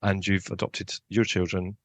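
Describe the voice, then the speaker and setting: Rambling lower-voiced male podcast host. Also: flat delivery, moderate pace. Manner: rambling, self-deprecating, lots of fillers. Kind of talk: casual podcast chat.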